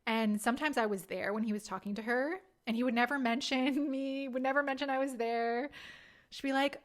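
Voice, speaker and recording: A podcast host in her thirties talks briskly, her voice sitting high with fairly even intonation. Laughing often, she delivers a casual monologue of candid stories at her own expense.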